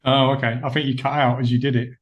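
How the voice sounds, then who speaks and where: A man hosting a horror film podcast in relaxed, chuckling banter with his co-host over a call. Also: medium pitch, quick pace, lo-fi sound. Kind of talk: casual podcast chat.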